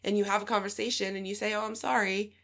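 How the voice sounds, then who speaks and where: A woman's voice: mid-range voice, little pitch movement, quick pace, fairly bright tone. A woman host and fellow mother, talking frankly and reflectively in a casual chat, laughing easily.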